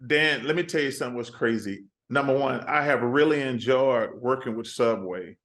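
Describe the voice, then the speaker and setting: A man, a guest telling animated stories in a casual interview. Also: mid-range voice, moderate pace. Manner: animated storyteller, quoting himself and others.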